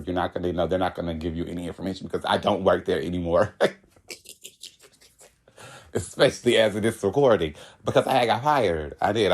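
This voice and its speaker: Casting: young podcaster, low-voiced man, candid solo rant. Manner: candid, animated, laughs often. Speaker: podcast host. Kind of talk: casual solo monologue.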